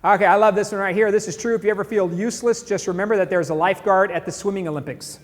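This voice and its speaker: Casual, jokey male stream host; high voice, reverberant room. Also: rapid-fire. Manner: chatty, jokey, laughs at memes. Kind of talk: casual live-stream commentary. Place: San Antonio, Texas.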